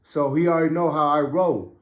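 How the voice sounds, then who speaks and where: A man's voice: a little high, fairly even intonation, a little fast, echoey room. A man casually telling a story from his prison days in street slang, getting over a cough. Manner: street slang, loose and conversational. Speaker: podcast host and ex-prisoner.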